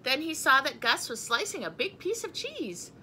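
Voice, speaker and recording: A woman's voice: high-pitched, very animated, normal speed, bright, forceful tone, slight background noise. A woman reading a picture book aloud in a chatty manner. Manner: chatty, breaks off to talk to her cat and laugh. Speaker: storybook reader.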